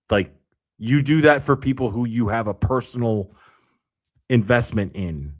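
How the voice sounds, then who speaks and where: A man's voice: mid-range voice, a little slow, a bit bright. A man giving casual ranting commentary, swearing freely and sounding sarcastic and exasperated.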